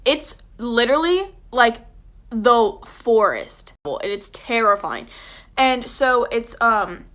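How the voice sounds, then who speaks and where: Bright-voiced young woman telling a storytime. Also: fairly high pitch, animated, takes it slowly. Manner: chatty, dramatic, heavy on "like". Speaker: vlogger. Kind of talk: storytime vlog.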